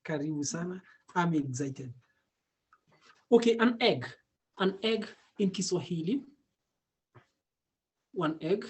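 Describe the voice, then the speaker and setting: A man teaching a casual online Swahili lesson, repeating words slowly and laughing often. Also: high-pitched, animated.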